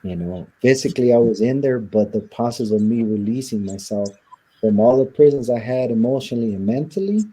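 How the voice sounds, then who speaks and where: A man's voice: mid-range voice, fairly quick, warm tone, breathy edge, low-quality recording. A man being interviewed, earnestly telling a reflective personal story and acting out the voices of the people in it. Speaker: interview guest. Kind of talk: conversational storytelling.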